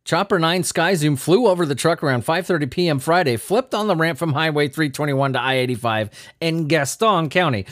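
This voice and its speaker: A man's voice: on the high side, very animated, moderate pace, no room sound, clean studio sound. A man hosting a comedy news podcast, riffing on odd stories in a sarcastic, profane way. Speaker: podcast host.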